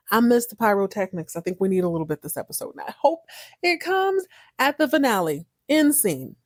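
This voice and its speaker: Lively woman recapping a soap, dry close mic. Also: medium pitch, dry recording. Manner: animated, slangy, laughs often. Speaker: podcast host. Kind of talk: casual soap opera recap.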